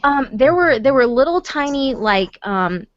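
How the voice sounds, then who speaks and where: A woman caller telling a story in casual chat, lively and full of fillers as she acts out what people said. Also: high-pitched, a little slow, dry recording, muffled recording. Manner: animated, acts out quoted voices, many fillers.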